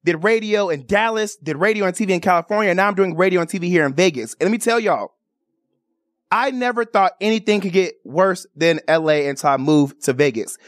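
With a fairly low voice and a slightly fast delivery, a woman from Chicago chats casually on her radio and TV talk show in a radio studio. She's animated and playful, given to theatrical outbursts like cries and bird calls. The recording has no echo and is studio quality.

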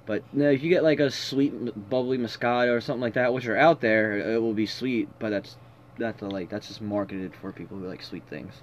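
A young man talks in a relaxed, easygoing way, walking his friends through wine terms. His voice sits in a middle register. The recording is a bit dull, with a faint hiss behind him. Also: medium pitch, brisk. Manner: explains wine terms, laid-back. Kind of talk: casual chat.

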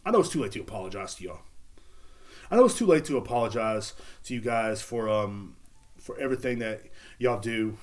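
A man's voice: fairly low pitch, animated, brisk. A man hosting a solo podcast, rambling through a crude, sarcastic mock apology. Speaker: podcast host. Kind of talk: casual solo podcast monologue. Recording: music playing behind the voice.

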